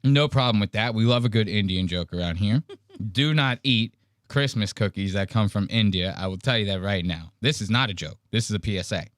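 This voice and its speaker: A man hosting a podcast, rambling through animated, casual commentary on a clip he's watching, full of asides. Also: lowish voice, a little fast, no room sound. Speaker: podcast host.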